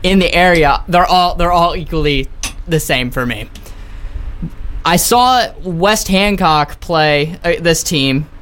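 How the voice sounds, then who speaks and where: A man co-hosting a podcast, talking casually in a relaxed, agreeable way. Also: fairly high pitch, takes it slowly, a little hiss or hum. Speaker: podcast co-host. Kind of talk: casual chat.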